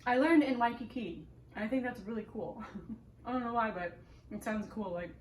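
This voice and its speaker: A woman's voice: a little high, normal speed. A young adult woman vlogger chatting casually while answering viewer questions, bubbly and giggly, talking with her mouth full. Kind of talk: casual chat. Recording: echoey room with faint background noise.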